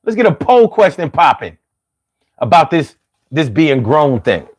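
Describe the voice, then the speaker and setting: A man's voice: a little high, measured pace. A man with a Philadelphia accent hosting a casual live stream, talking loosely and drawing his words out when he jokes. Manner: loose and animated, drawls words out when joking.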